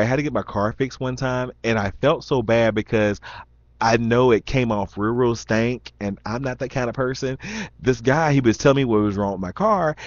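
A young man vlogs in a medium-pitched voice with a slight Southern Indiana accent, rambling as he reads questions and stumbling through ums and restarts. Lo-fi, dull and dry, the recording has no room sound.

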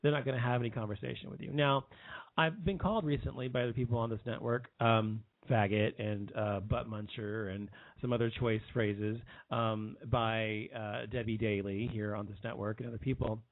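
A man's voice: on the low side, steady tone, normal speed, no echo. A man in his thirties giving a heated, rambling personal commentary, restarting his sentences often. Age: 30s. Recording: tinny phone-like line.

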